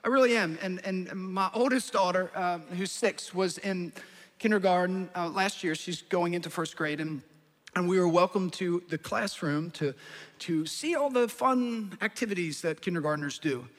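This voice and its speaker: A man in his thirties from New Jersey, a pastor preaching a sermon and telling family stories with lively acted-out voices. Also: sits high, moderate pace. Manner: animated storyteller, acts out family voices. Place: large church hall. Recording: long hall reverb.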